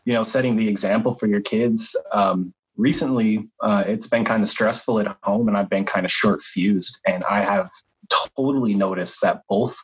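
A man talking casually and reflectively, with a low and somewhat husky voice, swearing now and then. His audio sounds dull and lo-fi, as if the high end has been cut off. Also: steady tone, normal speed. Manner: thoughtful, casual, some swearing. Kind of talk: casual chat.

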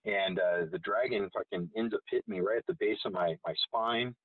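Husky man swearing, tinny phone sound. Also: on the low side, fairly quick, no room sound, far from the mic. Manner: rambling, heavy swearing. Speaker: guest. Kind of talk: casual storytelling.

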